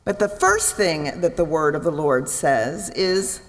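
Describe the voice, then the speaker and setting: A woman preaching a sermon in a church, expressive, acting out voices and asking her listeners questions. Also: low voice, unhurried. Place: church sanctuary. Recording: long reverb in a large hall.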